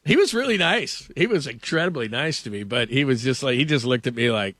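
A man's voice: mid-range voice, expressive, fairly quick, few pauses, a bit bright, no room sound. A man hosting sports talk radio, telling a story in a rambling, casual way, laughing often and filling with "like".

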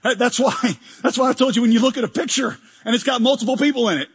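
A man preaching a sermon as pastor, animated and joking, often acting out mock prayers in a large church hall. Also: very high voice, fast, hardly any pauses, slightly rough. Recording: long hall reverb.

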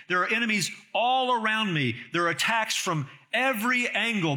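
Emphatic bright-voiced male preacher. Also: high-pitched, lively intonation, moderate pace. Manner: earnest, emphatic, rhetorical questions. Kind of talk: expository sermon.

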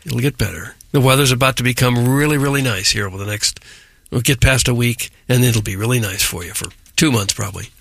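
Gravelly, husky male radio co-host. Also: medium pitch, fairly quick, a bit bright. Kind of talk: casual talk radio banter.

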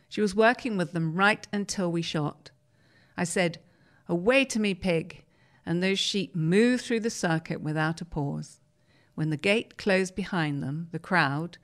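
A woman, reading newspaper articles aloud on the radio in a steady, measured way. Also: on the low side. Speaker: radio reader.

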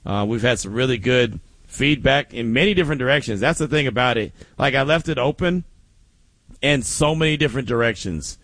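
A man's voice: medium pitch, brisk, no echo. A man hosting a daily sports talk show, telling stories casually with frequent laughs. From Oakland. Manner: animated storytelling with frequent laughs.

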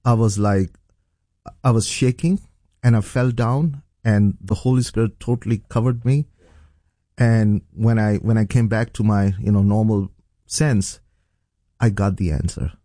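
A man's voice: lowish voice, a little slow, mellow, no echo, clean studio sound. A middle-aged man from Pakistan, a pastor, earnestly telling his testimony in an interview, with many fillers and restarts. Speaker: pastor, guest.

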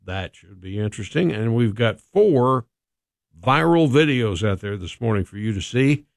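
A man's voice: medium pitch, expressive, normal speed, vocal fry, no echo. Chatty male radio host, dry close mic. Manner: casual, chatty, with frequent "uh" fillers. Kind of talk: radio morning segment.

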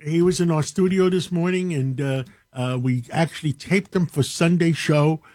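A man's voice: fairly high pitch, moderate pace, darkish tone. A man with a New York accent, hosting a talk radio show in an enthusiastic, rambling way.

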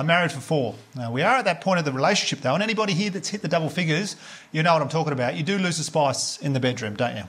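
An Australian man in his thirties doing a stand-up comedy set, telling stories deadpan and working the crowd. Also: fairly high pitch. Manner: crowd work, deadpan storytelling with acted asides. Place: live comedy venue with audience laughter.

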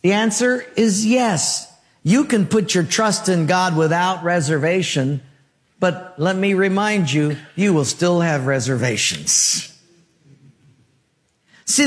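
High-voiced preacher giving a sermon. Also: male voice, long reverb tail. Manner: rhythmic, rhetorical, humorous storytelling. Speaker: pastor.

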